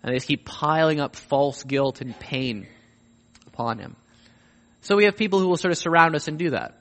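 High-voiced preacher in a reverberant hall. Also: male voice, moderate pace. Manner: animated, swings between hushed and emphatic. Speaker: pastor. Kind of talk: sermon.

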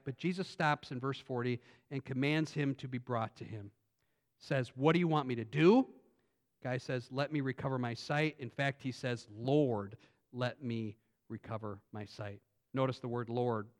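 A man preaching a sermon in a conversational way, swinging between loud emphatic lines and quiet asides, often restarting his sentences. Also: medium pitch, normal speed. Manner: frequent restarts and repetitions. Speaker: pastor.

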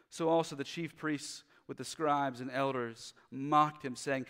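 A male pastor preaching a sermon. He moves from loud, urgent emphasis to quiet, low passages. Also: normal speed, long reverb tail.

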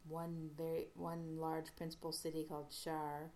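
A woman casually retelling an episode's plot as a podcast host, halting often with fillers and restarts. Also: low-pitched, completely flat delivery, a little mellow, a little hiss or hum.

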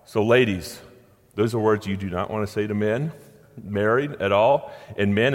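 A middle-aged man preaching in a conversational way, acting out quotes with a playful touch. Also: on the low side. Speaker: pastor. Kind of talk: sermon. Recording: long hall reverb.

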